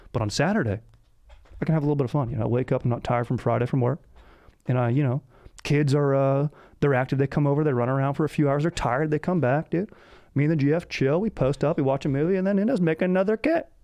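A young man hosts a podcast in a loose, rambling bro style, dropping slang at every turn. His mid-pitched voice has a gravelly, creaky grain. The sound is dry and close-miked. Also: dark tone, no echo. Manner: laid-back surfer-bro slang, says "dude" constantly. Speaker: podcast host. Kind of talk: casual comedic monologue.

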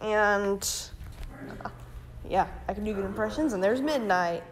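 A woman, vlogging casually at home and excitedly showing things off to her phone camera. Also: medium pitch, unhurried. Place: indoors at home.

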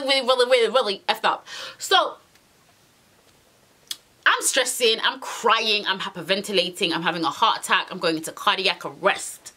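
A woman's voice: fairly high pitch, pushed and bright. A young British woman telling a dramatic story in an exasperated, slang-heavy way. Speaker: vlogger. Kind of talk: storytime monologue.

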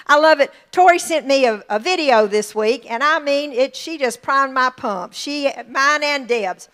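A middle-aged woman pastor, preaching a lively sermon and calling for amens from the congregation. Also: high-pitched, measured pace. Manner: excitable, lively preaching with call-and-response.

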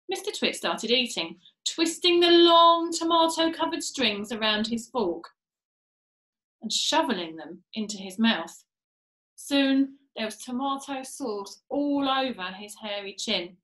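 A woman's voice: on the high side, unhurried. Woman reading a storybook aloud. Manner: expressive, lively storytelling. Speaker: reader of a children's book. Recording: roomy echo.

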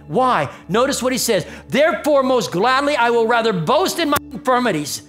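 A man preaching a sermon in a church, emphatic, swinging between raised exclaims and low murmurs. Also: very animated, moderate pace, hardly any pauses, fairly bright tone, faint music behind. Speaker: pastor. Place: church sanctuary.

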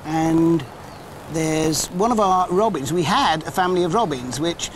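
An older English man hosts a live nature programme outdoors, chatty and full of little self-mocking jokes. His voice sits a touch high for a man, and faint background noise runs under it. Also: measured pace. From England. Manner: chatty, jokey, self-deprecating. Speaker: wildlife TV presenter.

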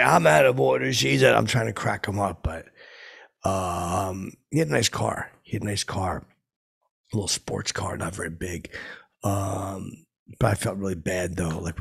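A man doing a raspy, washed-up pop singer. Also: low voice, moderate pace, a bit bright, heavily acted. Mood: rambling. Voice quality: very raspy, gravelly. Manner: rambling, drifting, mumbled asides. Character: tired rambling washed-up male pop singer, middle-aged. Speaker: comedy character host. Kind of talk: improvised character monologue.

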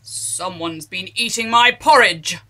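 Figure: big gruff father bear, voiced by a woman. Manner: loud, growling, stern. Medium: storybook read-aloud. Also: mid-range voice, takes it slowly.

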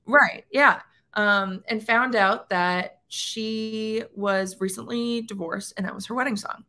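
A woman's voice: medium pitch, steady tone, slow pace, bright, forceful tone. A woman from Canada, a country singer, chatting casually as a guest, with lots of "like" and "um" fillers. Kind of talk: casual interview chat.

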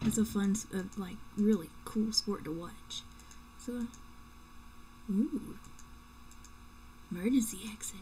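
Slow-talking young woman joking over a game. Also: medium pitch, warm tone, a little hiss or hum, low-quality recording. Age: young adult. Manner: chatty and joking, with playful whispered asides. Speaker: let's play gamer. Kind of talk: casual gameplay commentary. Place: home room at night.

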